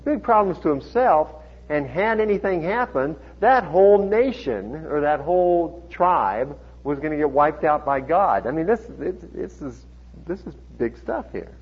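A man delivers an expository sermon in a chatty, lively way, breaking off for small laughs and asides. His somewhat high voice is a little husky and swings widely in pitch. The recording sounds dull and lo-fi. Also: measured pace. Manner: conversational, chuckling asides, animated when reading dialogue. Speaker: pastor. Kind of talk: sermon, expository Bible teaching.

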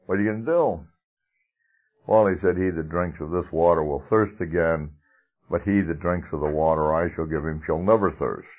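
A low-pitched man preaches a sermon with a husky edge to his voice. He talks conversationally and leans on key words, with a soft chuckle here and there. The recording sounds dull and lo-fi.

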